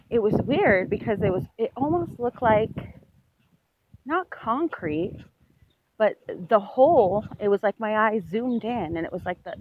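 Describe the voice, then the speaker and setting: A woman vlogger recounting a dream as she walks outside, telling it in a rambling, animated way with lots of "like". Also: mid-range voice, a little hiss or hum. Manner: rambling, animated storytelling full of "like". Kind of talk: walk-and-talk dream retelling. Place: outdoors on a street while walking. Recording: dull lo-fi recording.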